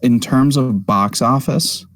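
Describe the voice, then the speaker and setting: A man co-hosting a podcast, chatting casually with quick, opinionated, joking asides. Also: mid-range voice, no echo. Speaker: podcast co-host. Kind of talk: casual chat.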